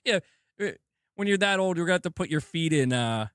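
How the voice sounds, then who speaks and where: A man's voice: fairly high pitch, expressive, moderate pace, fairly bright tone, no room sound, clean studio sound. A man hosting a gaming channel in a casual livestream chat, laid-back, swearing and laughing often, with a sore throat.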